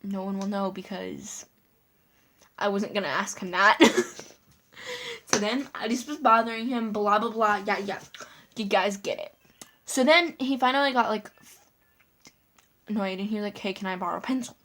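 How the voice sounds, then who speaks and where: A woman's voice: mid-range voice, steady tone, unhurried, pauses often, a bit bright. Girl vlogger, story time, rambling with "like" everywhere, laughs between bits. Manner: chatty, lots of "like" fillers, giggly asides.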